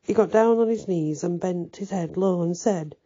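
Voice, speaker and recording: A woman reading a novel aloud in an unhurried, measured storybook narration. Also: lowish voice, warm tone, husky. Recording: dull lo-fi recording.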